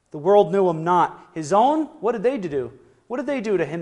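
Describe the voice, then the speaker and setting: Preacher, man, high voice; questions the congregation, booms out scripture slowly. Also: big pitch swings, darkish tone. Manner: slow, declaring rise on scripture quotes; asks the listeners questions. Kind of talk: sermon.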